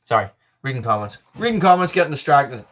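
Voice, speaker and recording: A man's voice: medium pitch, very animated, fast talker, fairly bright tone, muffled recording. An Irish man hosting a live stream, chatting casually while reading viewer comments, often restarting his sentences. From Ireland. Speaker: channel host.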